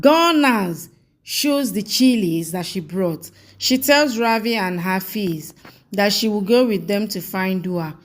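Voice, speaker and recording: A woman narrating a soap opera episode recap, reading characters' lines in a flat, even way. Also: mid-range voice. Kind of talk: scripted plot recap narration.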